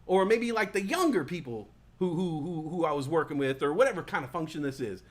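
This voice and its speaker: Talk show host, male, thirties, high-ish pitch, loose profane storyteller who slips into voices. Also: lively intonation, fairly quick. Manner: profane, rambling, acts out party voices. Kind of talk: casual comedic storytelling.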